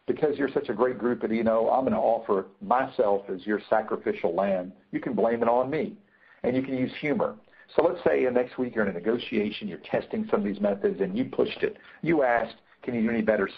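A man's voice: on the low side, gravelly, slightly rough. A man teaching negotiation in a webinar, emphatic, repeating his key points, with many fillers. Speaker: negotiation trainer. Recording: tinny phone-like line.

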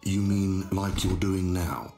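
A man's voice: deep voice, slow. A man voicing a timid, loyal sidekick in a game, earnest and a bit nervous, with music and echo behind. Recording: game audio, echoey with music.

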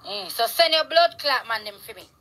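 A Jamaican woman ranting outdoors in a yard, loud, heated and full of curses, recorded on a phone. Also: sits high, animated, normal speed, poor audio. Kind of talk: angry street rant to camera.

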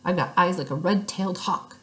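A woman's voice: fairly low pitch, fairly quick, close to an everyday voice. A woman voicing a bossy know-it-all little girl in a storybook reading, stern and scolding.

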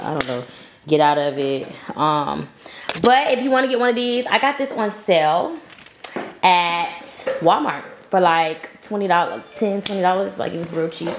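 A woman's voice: deep voice, slight background noise. A woman making a casual home vlog, coaxing her baby in sing-song baby talk and chatting to viewers at home. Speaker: vlogger and mother. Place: home with wood and tile floors.

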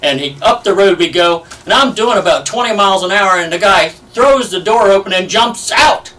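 Bright-voiced older man, mic far off. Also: high voice, normal speed. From United States. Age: 70s. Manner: lively anecdotal storyteller, many fillers. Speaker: Navy veteran interviewee. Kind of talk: oral history interview. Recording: distant from the mic.

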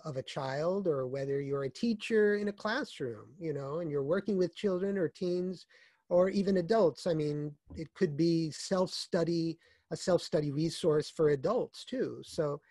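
Mellow-voiced man explaining calmly. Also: on the high side, no echo. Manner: measured, explanatory, often restarts phrases. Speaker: author being interviewed. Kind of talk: conversational interview.

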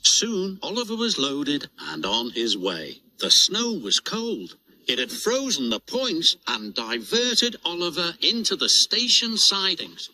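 A British man narrating a children's storybook with a lively, expressive reading voice. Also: fairly high pitch, slow pace.

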